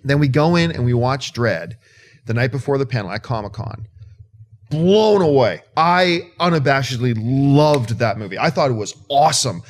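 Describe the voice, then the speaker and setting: A man hosting a casual movie news chat, excitable and emphatic, repeating words when he gets worked up. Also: mid-range voice, moderate pace. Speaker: host.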